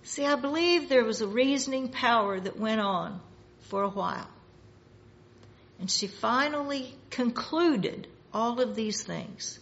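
A woman preaching a sermon in a slow, measured way, rising in force for emphasis. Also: on the high side, gravelly, a bit bright, highs cut off.

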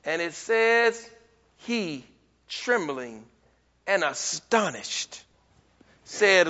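High-voiced preacher with emphatic sermon delivery. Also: male voice, animated, takes it slowly, long pauses, in a large hall, lo-fi sound. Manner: emphatic, rising to near-shouts then dropping low.

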